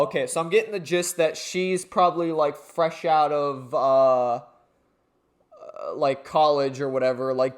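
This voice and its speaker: A streamer playing a story game, rambling through commentary with lots of fillers and self-corrections. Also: mid-range voice. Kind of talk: let's-play commentary with read-aloud dialogue.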